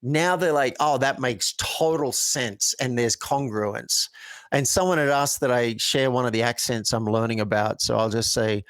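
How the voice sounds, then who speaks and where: A man's voice: mid-range voice, normal speed, a bit bright, dry recording. A man coaching guest in an interview, telling stories earnestly and acting out example phrasings. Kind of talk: conversational interview.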